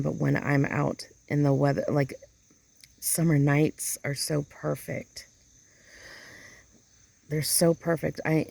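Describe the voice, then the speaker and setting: A woman's voice: low-pitched, gravelly, darkish tone, no echo. A woman talking casually in an outdoor vlog, rambling and emotional as she hunts for the right words. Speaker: vlogger. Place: outdoors in a yard chair.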